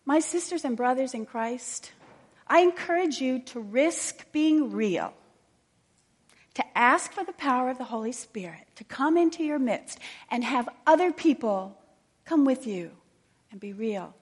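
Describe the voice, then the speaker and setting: A woman preaching a sermon, telling a personal story in an earnest, quiet and intimate way. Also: high voice, animated, unhurried, husky. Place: church. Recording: long church reverb.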